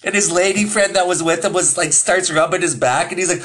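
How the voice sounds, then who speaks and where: A man's voice: high-pitched, brisk, a bit bright. A young man hosting his own podcast, telling a rambling, profane story in casual chat and laughing often. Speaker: podcast host.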